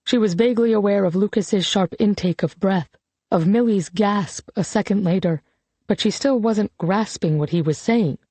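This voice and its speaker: A narrator reading a novel in a measured, even storytelling voice. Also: mid-range voice, dry recording. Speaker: audiobook narrator. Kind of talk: scripted audiobook narration.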